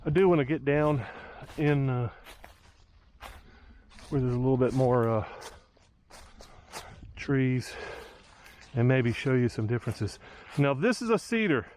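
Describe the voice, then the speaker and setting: With lively intonation and a measured pace, this man pauses often, his mid-range voice a little mellow against slight background noise. He's vlogging a walk through lakeside woods, thinking aloud with lots of fillers.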